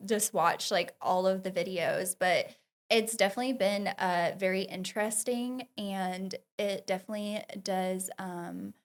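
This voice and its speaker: Young woman bookstore owner, easygoing guest; bubbly, laughs a lot, mid pitch. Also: a little slow. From Florida. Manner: bubbly, laughs often, many fillers. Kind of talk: casual podcast interview.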